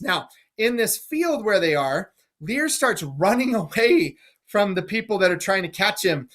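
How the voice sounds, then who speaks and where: A man's voice: high voice, sing-song, a little slow, fairly bright tone. A male teacher giving a chatty, enthusiastic explanation of a play to his class. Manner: chatty, enthusiastic, asks "right?".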